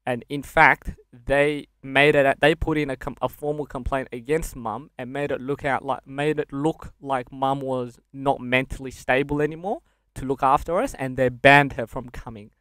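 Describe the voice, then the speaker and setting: A young man from Sudan, a podcast guest, candidly recounting a hard childhood in casual speech and laughing through dark memories. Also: mid-range voice, fairly even intonation, normal speed, clean tone, dry recording, clean studio sound. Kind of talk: casual interview storytelling.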